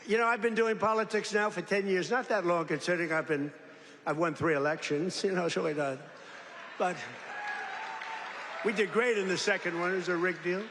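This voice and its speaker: High-voiced older man rambling at a podium. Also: steady tone, brisk, long pauses, fairly bright tone, a faint crowd, a little hiss or hum. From United States. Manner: rambling, boastful, jokey, breaks into mock voices. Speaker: political speaker addressing workers. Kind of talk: off-the-cuff rally speech. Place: large factory hall, indoors. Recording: echoey factory hall with faint ambience.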